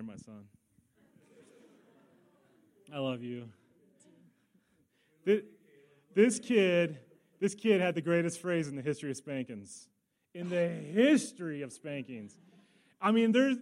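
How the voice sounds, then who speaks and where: High-voiced man preaching a sermon. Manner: storytelling, animated with laughs and quick asides. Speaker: pastor.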